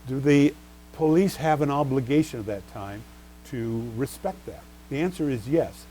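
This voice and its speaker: A man delivers a law review lecture in a mellow, relaxed voice, posing questions to his listeners and answering them himself. He leans on key terms and spells out case names, and a faint hum sits under the recording. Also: fairly high pitch, measured pace, poor audio. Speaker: bar exam lecturer.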